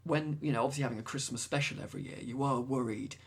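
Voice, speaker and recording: A man's voice: medium pitch, steady tone, quick pace, husky. A British man co-hosting a podcast, chatting casually and rambling with many restarts. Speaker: podcast co-host. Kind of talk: casual chat.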